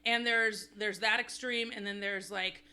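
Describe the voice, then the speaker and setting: A woman's voice: medium pitch, fairly even intonation, a little slow, bright, forceful tone. A woman co-hosting a podcast, chatting candidly and rambling in a self-deprecating way. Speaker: podcast co-host. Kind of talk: casual chat.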